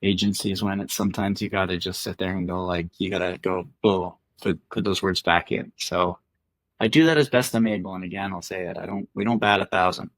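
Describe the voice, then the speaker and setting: A man's voice: sits low, fairly quick, fairly bright tone, dry recording. A middle-aged man and father, a podcast guest, talking earnestly and thoughtfully with many restarts. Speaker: guest, former Olympic athlete. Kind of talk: reflective conversational interview.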